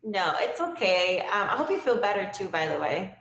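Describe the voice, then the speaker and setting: A woman's voice: medium pitch, very animated, normal speed, a bit bright, reverberant, lo-fi sound. A woman hosting a casual live-stream talk show, upbeat and chatty with lots of fillers. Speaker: livestream show host.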